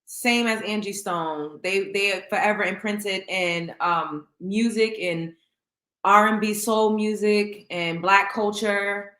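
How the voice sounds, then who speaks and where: Bright-voiced woman hosting a livestream. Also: mid-range voice, slow. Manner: chatty, greets viewers by name. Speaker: host. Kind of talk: casual livestream chat. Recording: echoey room.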